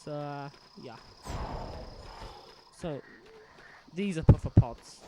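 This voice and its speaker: A man with a slightly raised voice talks casually over a game he is playing. He rambles, circling back with fillers and "so yeah". Clear background noise hums behind his home recording. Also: fairly high pitch, slow. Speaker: let's play host. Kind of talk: casual gameplay commentary.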